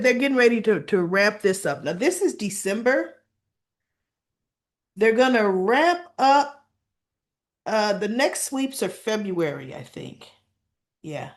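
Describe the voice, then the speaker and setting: A woman hosting a soap opera recap, talking casually and with strong opinions, acting out the characters' lines in quick quotes. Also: medium pitch. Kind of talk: casual chat.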